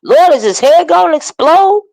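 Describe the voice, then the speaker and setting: A woman hosting a live stream, talking straight to her chat in a loose, gossipy way. Her pitch swings widely as she gets worked up, and she sprinkles in drawn-out "child" and "honey." The sound is dry and close, with no room around her. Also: no echo, poor audio. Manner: chatty, animated, greets chat viewers by name. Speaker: livestream commentary host. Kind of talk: casual live-chat commentary.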